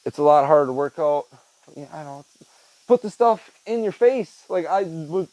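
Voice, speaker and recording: This is casual outdoor vlog talk from a young man in a rural backyard, chatting loosely into a handheld phone with plenty of fillers. His voice sits fairly high and sounds a little mellow, and the recording has no room sound.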